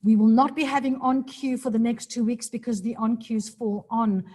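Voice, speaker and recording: A woman's voice: on the high side, steady tone, normal speed, mellow, rough recording. A woman hosting a live online show over a video call, upbeat and laughing often as she introduces a guest. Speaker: host.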